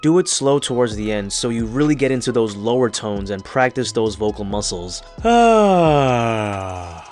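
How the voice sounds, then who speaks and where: A young man hosting an animated podcast, narrating in a calm, explanatory scripted voice-over. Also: brisk, few pauses. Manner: calm explanatory voice-over, demonstrates a low grounded voice. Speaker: podcast host. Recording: faint music behind the voice.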